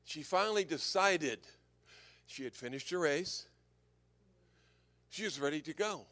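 An older male preacher delivering an anecdotal sermon with a notably high voice. His pitch swings widely as he tells stories, and he chuckles at his own jokes. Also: expressive, a little slow, a bit bright. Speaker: visiting preacher.

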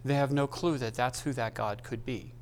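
Halting, emotional male pastor preaching. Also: mid-range voice, steady tone. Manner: halting, emotional delivery with many restarts. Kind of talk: sermon. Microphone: microphone.

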